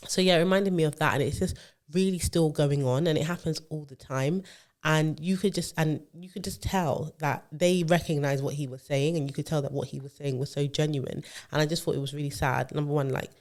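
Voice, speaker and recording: A co-host, chatting casually on a podcast. The talk rambles through a long story, stacked with fillers and self-corrections, at an ordinary middle pitch. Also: steady tone, a little fast. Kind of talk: casual chat.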